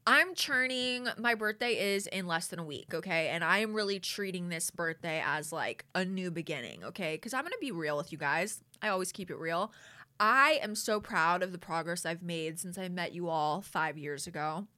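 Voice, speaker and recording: A woman's voice: lowish voice, lively intonation, normal speed, pushed and bright. A woman podcast host talking candidly and casually to her listeners, swearing freely and often saying "you guys".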